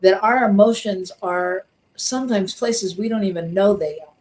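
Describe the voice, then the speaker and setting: A woman's voice: mid-range voice, moderate pace, a little mellow, rough recording. Chatty woman co-host with frequent restarts. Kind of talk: casual spiritual talk.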